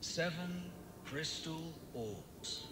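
A man narrating a story inside a video game in a measured storybook delivery. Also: fairly high pitch, expressive, fairly bright tone, exaggerated voice.

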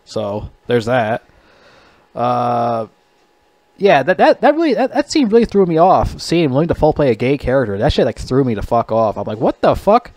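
A man's voice: mid-range voice, big pitch swings, normal speed, darkish tone, no room sound. A man giving a casual, rambling movie review, swearing a lot and laughing at his own jokes. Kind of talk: casual rant.

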